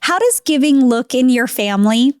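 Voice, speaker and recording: Woman hosting a podcast, kinda high voice, dry close sound. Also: lively intonation, moderate pace, no echo. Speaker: podcast host. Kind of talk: casual interview chat.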